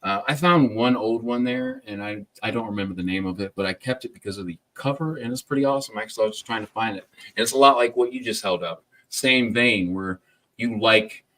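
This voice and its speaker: A man's voice: lowish voice, fairly quick, pushed and bright. Chill american guy hosting a book stream, loose and jokey, swears a lot. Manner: laid-back, swears, laughs often. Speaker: podcast host. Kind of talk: casual livestream chat.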